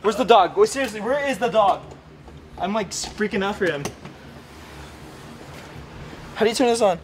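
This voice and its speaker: Young guy vlogging, super high voice, bouncy up and down, jumpy and loud. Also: expressive. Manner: jumpy and exclamatory, repeats himself fast. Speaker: YouTube host. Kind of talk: excitable vlog chatter. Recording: noisy background hiss.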